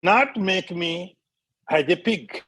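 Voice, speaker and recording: A man teaching scripture as a swami, speaking deliberately, repeating key phrases and chanting short verses. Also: sits high, fairly bright tone, soft background music. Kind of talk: spiritual lecture.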